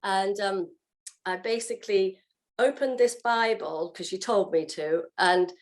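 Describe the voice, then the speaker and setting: A woman's voice: mid-range voice, a little slow. Woman telling her story animatedly. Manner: animated, acts out what she said and felt. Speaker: guest sharing her testimony. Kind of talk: casual personal storytelling.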